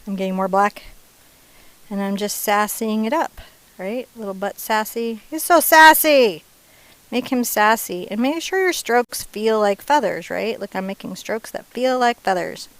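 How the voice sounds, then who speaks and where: A woman's voice: medium pitch, normal speed, rough recording. Casting: woman painting instructor, chatty and playful, mid-range voice, casual step-by-step lesson. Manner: chatty and playful, drops into soft asides.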